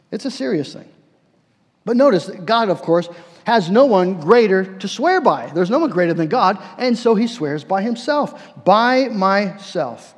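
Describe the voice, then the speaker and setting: A man preacher delivering a sermon, emphatic, repeating words and slowing down for key phrases. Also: extremely high pitch. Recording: long hall reverb.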